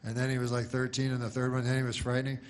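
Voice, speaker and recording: A man doing stand-up in a flat, deadpan way. He wanders through his jokes with restarts and asides, never rushing the punchline. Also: medium pitch, slight background noise. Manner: deadpan, rambling, full of restarts. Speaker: stand-up comedian. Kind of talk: stand-up comedy.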